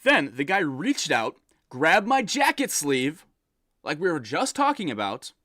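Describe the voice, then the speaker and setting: A man reads out viewer messages and rants about them in an animated, exasperated way, as a reaction commentary. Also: a little high, no room sound, clean studio sound. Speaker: content creator reading viewer messages.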